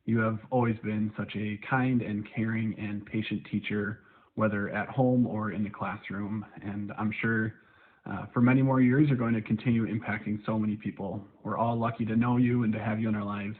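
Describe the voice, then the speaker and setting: A man's voice: on the low side, level tone, moderate pace. A man, the teacher's son, congratulates his mother on her retirement in a proud, loving and upbeat way. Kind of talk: recorded video tribute. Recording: tinny phone-like recording.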